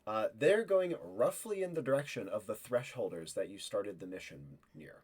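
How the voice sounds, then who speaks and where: A man's voice: fairly low pitch, very animated, a little mellow, slightly rough. Man narrating as game master. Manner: halting narration with many fillers and restarts, acting out knights' lines.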